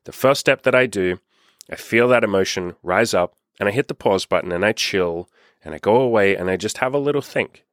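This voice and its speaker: A man's voice: lowish voice, a little fast, dry recording, clean studio sound. A man hosting a podcast, giving casual self-help advice straight to his listeners, laid-back and swearing freely. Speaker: podcast host.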